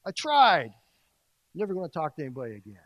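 A man's voice: fairly high pitch, huge pitch swings, fast, fairly bright tone, no echo. A man voicing a discouraged male believer who complains that he is tired of trying. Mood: weary, exasperated. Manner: whiny, exasperated complaining.

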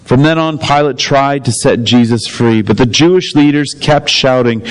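A man reads a scripture passage aloud in a steady, clear way. His voice sits at an ordinary middle pitch. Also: normal speed, hardly any pauses, low-quality recording. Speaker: scripture reader. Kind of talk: Bible reading.

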